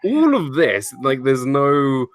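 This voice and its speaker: A man's voice: medium pitch, very animated, takes it slowly, no echo, clean studio sound. A man co-hosting a casual movie review chat, chatty with many fillers, mimicking characters. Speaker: co-host.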